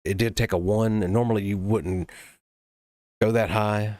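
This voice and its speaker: A man demoing software he built, talking casually and loosely, with plenty of pauses and some cursing. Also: on the low side, fairly even intonation, dry recording. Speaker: developer demoing his own app. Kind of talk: casual late-night screen-recording talk.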